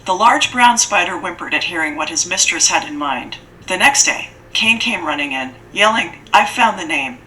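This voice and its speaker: A woman reading a dark fantasy story aloud as an audiobook narrator, with steady, measured, dramatic storytelling. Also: on the low side, slight background noise, rough recording.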